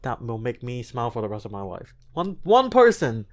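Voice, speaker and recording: A man with a light non-native accent, speaking as a guest in a casual interview in an earnest, expressive way with frequent restarts. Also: medium pitch, a little fast. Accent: light non-native accent in his English. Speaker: guest, recording artist and actor.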